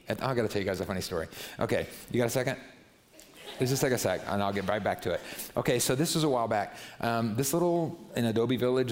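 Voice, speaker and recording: Male pastor, relaxed sermon delivery, chatty with asides, mid-pitched voice. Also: long reverb tail. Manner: casual, chatty, lots of asides. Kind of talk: conversational sermon. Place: church sanctuary.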